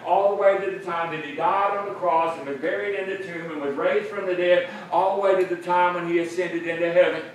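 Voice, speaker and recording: High-voiced preacher in a very echoey room. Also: male voice. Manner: earnest, explanatory, repeats phrases for emphasis. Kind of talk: sermon. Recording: very echoey room, mic at a distance, faint noise.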